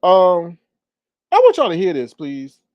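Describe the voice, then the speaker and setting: A man doing casual commentary into a phone at home, sassy and animated, his voice climbing higher when he gets riled. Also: a little slow, no room sound, dull audio. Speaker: commentary vlogger.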